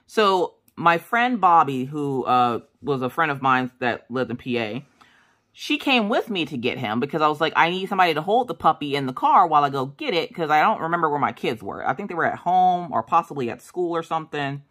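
A middle-aged woman telling a personal story in a casual, animated way, acting out what people said. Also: normal speed. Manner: chatty, animated, acts out quotes in a high voice. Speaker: crafting vlogger.

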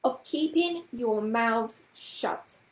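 A woman voicing a prim, sharp-tongued spinster witch who talks slowly and deliberately. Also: sits high, lively intonation, echoey room, low-quality recording.

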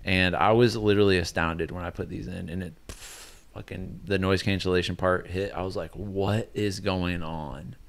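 A man's voice: deep voice, level tone, a little fast, vocal fry, few pauses. A young man co-hosting a podcast, chatting casually with a teasing, enthusiastic manner. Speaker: podcast co-host. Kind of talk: casual chat.

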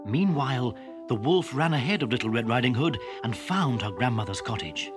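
A man reading a children's story aloud in a gentle, expressive narration. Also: mid-range voice, moderate pace. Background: background music.

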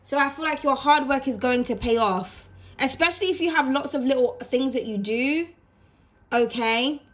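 A young woman with a bright, high-pitched voice reads tarot cards to her viewers from home. She talks casually and warmly, with plenty of fillers and restarts as she encourages them. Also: moderate pace. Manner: chatty, warm encouraging, many fillers. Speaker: tarot reader. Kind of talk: casual tarot reading to camera. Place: home room with blinds open.

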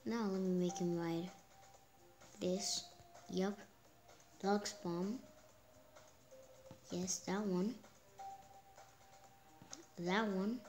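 A woman giving casual, excitable commentary while playing a phone game, cheering herself on. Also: mid-range voice, drawn-out words, pauses often. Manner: excitable, exclaims often, talks herself on. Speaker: gameplay streamer. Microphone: phone screen recording. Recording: clear game music underneath. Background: game music.

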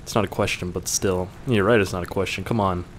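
A man's voice: sits low, steady tone, fast, slight background noise. A young man reading viewer questions aloud and answering them in a casual, joking way, swearing now and then.

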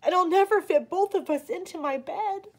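A woman voicing a frightened little boy in a picture-book reading, speaking high, loud and anxious. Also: normal speed. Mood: surprised. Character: frightened little boy searching for his teddy.

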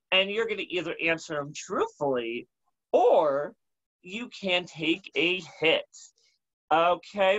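Sassy campy male host, bright lively voice. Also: high voice, highs cut off. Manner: sassy, campy drag slang. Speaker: talk show host. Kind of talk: casual interview chat.

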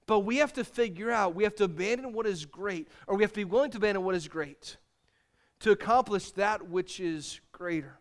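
A young adult man preaching a sermon from the pulpit. His voice sits high, and he talks earnestly, repeating his key phrases and having the congregation say them back. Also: fairly quick. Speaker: pastor.

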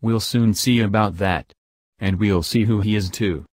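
Narrator reading a grim, suspicious stranger in an audiobook, low voice, dry close sound. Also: male voice, unhurried, a little mellow, no echo. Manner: grim, fierce. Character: fierce, suspicious mysterious man, grim-tempered.

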